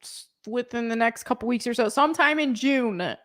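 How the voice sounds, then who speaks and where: A woman appearing as a guest on a podcast, with a voice a touch higher than most. She speaks in an easygoing, friendly way, taking her time in a loose casual chat. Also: fairly quick, a bit bright.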